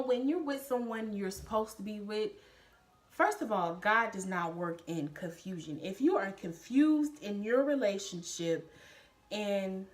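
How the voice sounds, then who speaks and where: A young woman in her twenties, a vlogger casually telling a personal story to camera, animated and addressing viewers directly. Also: medium pitch.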